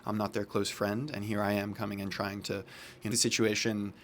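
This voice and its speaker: A man who works with men on accountability, telling a story in a calm, earnest, reflective way. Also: fairly low pitch, brisk, a little hiss or hum. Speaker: men's accountability facilitator. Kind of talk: casual storytelling.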